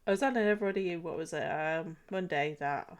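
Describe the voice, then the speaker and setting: A woman's voice: on the low side, fast talker. A young woman streaming while she draws, chatting and giggling through a cold. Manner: giggly, chatty, self-deprecating. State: has a cold. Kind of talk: casual live-stream chat while drawing.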